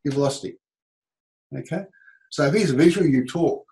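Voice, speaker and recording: A middle-aged Australian man, a business coach, teaching a seminar and acting out quoted speech in an animated way. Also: on the high side, moderate pace, poor audio.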